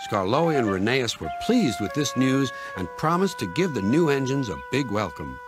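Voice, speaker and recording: A man narrates a children's railway story in a gentle, measured way. His voice sits in a middle pitch but moves up and down with plenty of life, and music plays behind him. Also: big pitch swings.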